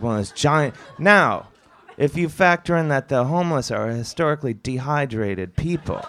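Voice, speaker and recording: A man spins a rambling stand-up story, animated and self-mocking, full of fillers and restarts. His voice sits in an ordinary middle range. He is heard from a live stage. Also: medium pitch, dry recording. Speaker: comedian telling a story.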